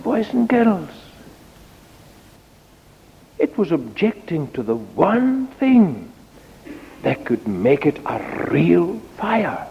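A man preaching a children's sermon, telling a story in an animated, sing-song way. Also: on the high side, slow pace, creaky, long reverb tail, dull audio. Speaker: preacher giving a children's talk.

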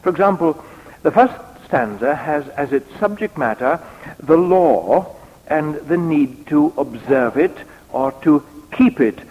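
Male preacher, unhurried expository sermon, mid-pitched voice, long hall reverb. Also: lively intonation, dull audio. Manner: measured, deliberate, reads out quotations.

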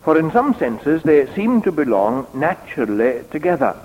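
A man preaching an expository sermon in a measured, deliberate way, pausing to read out quotations. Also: a little high, very animated, darkish tone, long reverb tail, lo-fi sound, slight background noise.

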